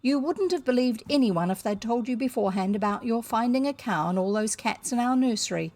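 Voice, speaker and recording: A woman voicing an earnest, bossy young boy who speaks sternly and slowly, in a storybook reading. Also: fairly high pitch, lively intonation, a little mellow.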